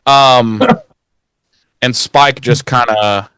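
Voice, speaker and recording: A man co-hosting a podcast, casually recapping a TV episode with crude jokes and quick character impressions. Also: mid-range voice, steady tone, pushed and bright, clear, resonant tone, dry recording. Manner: profane, jokey, acts out characters in quick voices. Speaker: podcast co-host.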